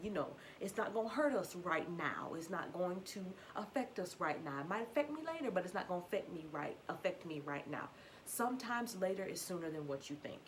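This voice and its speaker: A woman's voice: lowish voice, fairly bright tone, a little hiss or hum, rough recording. A young woman giving a candid, confessional personal testimony, repeating herself and asking the listener questions. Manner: earnest, repetitive and confessional, with rhetorical questions. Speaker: faith vlogger.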